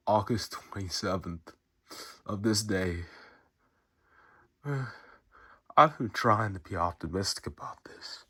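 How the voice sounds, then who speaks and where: A man speaking an unscripted, emotional message while fighting back tears, halting and repeating his words and swearing casually. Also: low-pitched, a bit bright, husky. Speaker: fan recording a tribute message.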